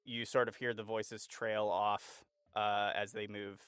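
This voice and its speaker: A male game master narrating a tabletop game, slow and hesitant, with many fillers. His voice is bright and clear, and it rises and falls a lot. The sound is dry and close. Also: fairly low pitch, little pitch movement, dry recording.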